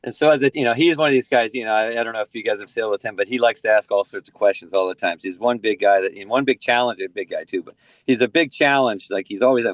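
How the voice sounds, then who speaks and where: A fast-talking American podcast guest in his forties, from San Diego, has a fairly low-pitched voice with no echo. He speaks in a loose, rambling manner, often saying "you know" and starting over.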